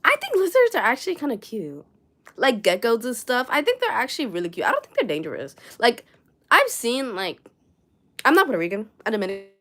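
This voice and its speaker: A woman's voice: on the high side, wildly swooping pitch, a little fast, a bit bright. A young woman with a New York accent, chatting casually and rambling on a crochet livestream from her room at home, swearing now and then and reading viewer comments aloud. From New York City.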